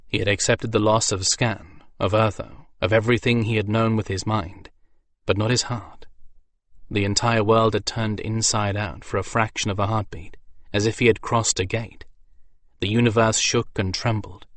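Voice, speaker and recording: A man narrating a fantasy audiobook in a steady, measured storytelling manner. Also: on the low side, dry recording.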